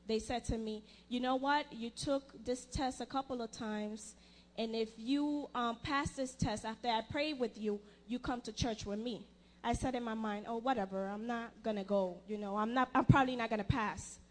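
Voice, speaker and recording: A young woman giving a personal testimony in church, earnest and halting, often restarting her sentences. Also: a little high, steady tone.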